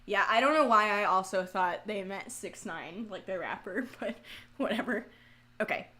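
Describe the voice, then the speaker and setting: A woman live streaming as she paints a pumpkin, chatting casually to her viewers. She is self-mocking, swears freely and breaks into loud, frustrated outcries. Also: mid-range voice, animated, normal speed.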